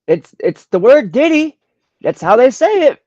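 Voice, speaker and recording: A man casually talking through a screen-share, slangy and profane, reacting with loud disbelief to what he finds. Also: extremely high pitch, big pitch swings, measured pace, no room sound. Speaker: vlogger browsing trending searches. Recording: dull lo-fi dry sound.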